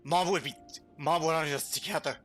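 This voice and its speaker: A man voicing a bitter, angry young brother who accuses his sibling, shouting. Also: medium pitch, measured pace, creaky, husky, faint music behind, full character voice. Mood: furious.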